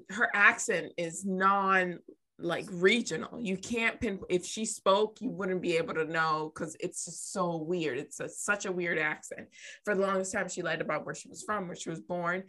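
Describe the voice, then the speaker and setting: A woman's voice: on the low side, moderate pace, bright, forceful tone. A woman co-hosting a podcast, talking bluntly in casual chat and swearing freely. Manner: blunt, swears, talks in long stretches. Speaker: podcast co-host.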